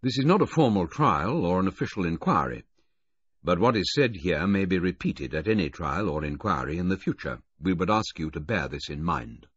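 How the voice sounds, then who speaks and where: A man doing a smooth formal brigadier. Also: low voice, very animated, fairly bright tone, no echo, full character voice. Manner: measured, official, smooth. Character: smooth, formal older military officer. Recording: dull, dry lo-fi audiobook recording.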